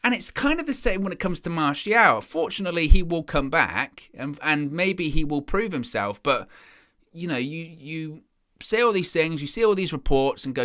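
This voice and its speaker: A man's voice: on the high side, animated, moderate pace, sharp tone. A man hosting a football fan stream, chatting casually and rambling, reading viewer comments and acting out imagined fans. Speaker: fan channel host.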